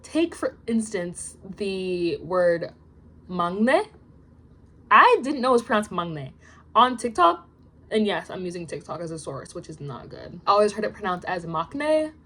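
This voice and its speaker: A young woman reading out study notes in a casual vlog, chatty and self-deprecating, her asides trailing off into quiet mumbles. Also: medium pitch, expressive, normal speed. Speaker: language learner vlogger.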